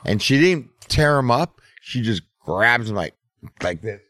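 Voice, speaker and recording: A man's voice: medium pitch, lively intonation, a little slow, bright, forceful tone, no echo. A middle-aged man telling a story in casual podcast chat, laid-back and profane. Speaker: podcast host.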